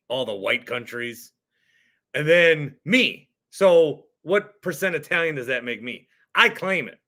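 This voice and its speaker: Worked-up bright-voiced male sports host. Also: on the high side, gravelly. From Wisconsin. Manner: worked-up, exasperated ranting. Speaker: podcast host. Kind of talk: sports talk rant.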